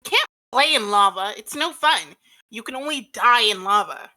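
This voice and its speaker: A woman's voice: on the high side, expressive, normal speed, bright, forceful tone, low-quality recording. A woman reading the lines of a cheerful, bubbly teenage girl during a comic read-through with friends. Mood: chipper. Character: cheerful dreamy teen girl Jade.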